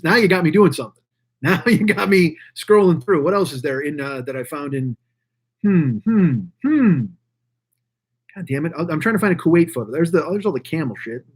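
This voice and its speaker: A man's voice: a little high, slightly rough. A man hosting his own show, ranting in a profane, rambling, mocking way. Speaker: podcast host. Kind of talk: casual ranting monologue.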